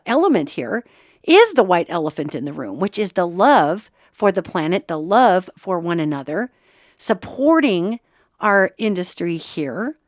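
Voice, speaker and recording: With a medium-pitched voice and clean, echo-free studio sound, a Montana woman runs a casual podcast about spiritual matters. She's lively and talkative, breaking away to act out the quotes she shares.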